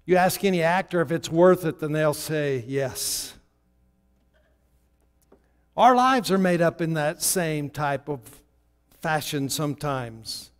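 Guy preaching in a church, kinda high voice, stops and restarts a lot, lots of hall echo. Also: clear, resonant tone. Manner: storytelling with halting restarts. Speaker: guest preacher. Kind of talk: sermon. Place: church sanctuary. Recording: long hall reverb.

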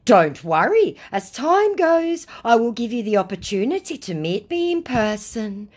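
A woman voicing a pushy, dim male romance scammer in a slow, high, exaggerated way. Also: sing-song.

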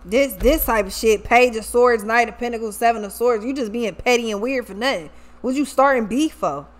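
A woman giving a casual tarot reading in profane, slangy, animated talk. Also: on the high side, brisk. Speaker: tarot reader.

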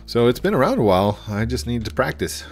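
A man's voice: mid-range voice, sing-song, fast. A man chatting casually and rambling while he plays a game, easily distracted. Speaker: gaming YouTuber. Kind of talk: casual gameplay commentary.

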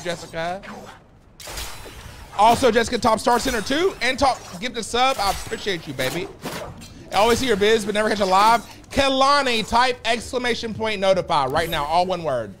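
Sassy high-voiced man livestreaming. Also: a little fast, noisy background. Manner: loud, sassy, campy banter; repeats phrases in bursts. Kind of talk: live stream chat to viewers.

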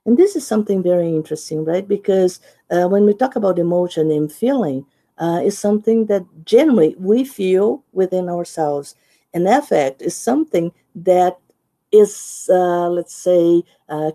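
A woman with a Brazilian accent giving a teacher-training presentation, often checking in with "right?" and "okay?" and pausing with "uh" as she explains. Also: on the low side, warm tone. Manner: explanatory, with many "uh" pauses. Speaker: conference presenter.

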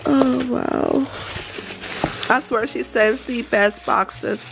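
A woman, gushing and gasping excitedly while unboxing gifts at home in a casual vlog. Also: a little high, extremely slow, vocal fry, music in the background. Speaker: vlogger.

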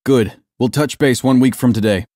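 A man's voice: mid-range voice, moderate pace, dry recording, clean studio sound, natural voice. A man voicing a scornful, bossy police lieutenant who speaks curtly and with contempt. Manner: curt, contemptuous, shouting.

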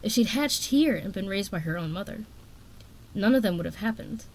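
A woman reading a fantasy novel aloud in a steady, expressive narration. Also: medium pitch, normal speed. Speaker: audiobook reader.

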